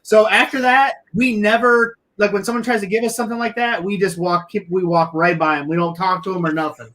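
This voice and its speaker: Man, livestream co-host, high bright voice, rambling storyteller with lots of filler words, on a video call. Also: steady tone, a little fast. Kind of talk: casual storytelling chat.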